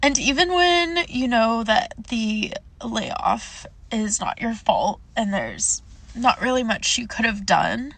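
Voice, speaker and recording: A woman's voice: fairly high pitch, sing-song, takes it slowly, fairly bright tone. A woman recruiter speaking in a personal vlog, earnest and reflective, a little emotional.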